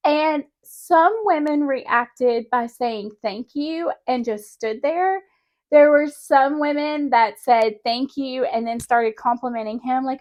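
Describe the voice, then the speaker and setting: A young woman vlogger telling a personal story in a chatty, animated way, often laughing mid-sentence. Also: high-pitched, unhurried. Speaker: spiritual vlogger. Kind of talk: casual personal storytelling to camera.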